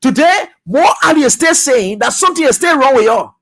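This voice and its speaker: Animated man on talk radio. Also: very high-pitched, brisk. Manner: animated, scolding, mocking. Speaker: radio talk show host. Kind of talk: political commentary.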